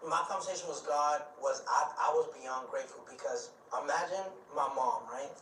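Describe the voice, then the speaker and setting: A man telling a tense story as an interview guest. He acts out the voices of the people in it and speeds up at the exciting parts. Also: a little high, moderate pace. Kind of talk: animated storytelling. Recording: echoey room, distant mic, faint noise.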